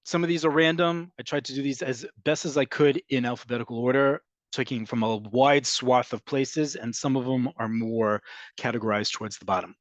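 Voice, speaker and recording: A man teaching an online language lesson, explaining patiently and repeating key words slowly for emphasis. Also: medium pitch, fairly even intonation, no echo, muffled recording. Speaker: Hebrew teacher.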